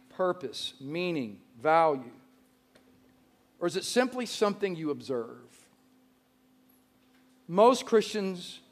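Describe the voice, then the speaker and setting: A man preaches to his church. He tells a funny story loudly, punching some lines with a shout, then goes soft and low for scripture. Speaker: pastor. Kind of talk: sermon with humorous storytelling.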